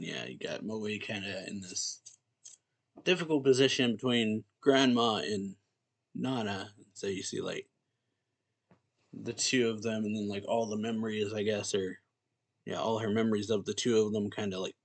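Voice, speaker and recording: Casual low-voiced man recapping a manga. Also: normal speed, creaky. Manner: loose and conversational, frequent "like" and "yeah". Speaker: manga reaction channel host.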